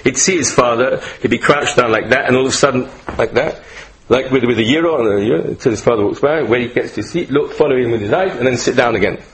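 An older man teaching a Torah class, animated and rhetorical, repeating phrases and mixing in Hebrew and Yiddish terms. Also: medium pitch, fast, slight background noise, poor audio. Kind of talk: Torah lecture.

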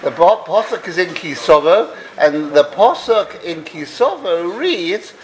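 Male storyteller, high, lively voice, slow pace, echoey hall with a crowd murmuring. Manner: animated, drawn-out storytelling with laughter. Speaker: storyteller speaking to a gathering. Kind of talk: storytelling talk.

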